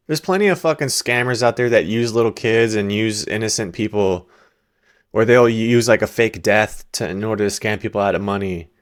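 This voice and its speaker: A man's voice: lowish voice, moderate pace. A man hosting a reaction video, telling loose, profane anecdotes in a casual chat. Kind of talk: casual storytelling commentary.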